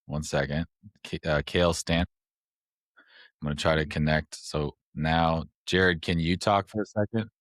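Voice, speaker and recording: Very deep-voiced rambling male host. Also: steady tone, measured pace, fairly bright tone, dry recording, studio quality. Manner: rambling, explains step by step with fillers. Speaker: podcast host. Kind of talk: casual podcast chat.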